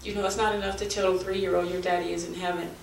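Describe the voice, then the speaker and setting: Middle-aged woman at a forum lectern, earnest and halting, picked up from across a room. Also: fairly low pitch, flat delivery, vocal fry. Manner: earnest, halting, turning forceful. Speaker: bereaved mother speaking at a forum. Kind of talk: public testimony. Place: community meeting room. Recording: echoey room, from far off, faint noise.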